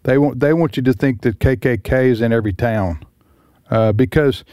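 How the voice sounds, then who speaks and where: A man's voice: mid-range voice, normal speed, mellow, clear, resonant tone, no room sound. Guy hosting talk radio, lots of uhs and restarts, dry close sound. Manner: hesitant, many restarts and fillers. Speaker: radio talk show host. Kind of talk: casual radio chat.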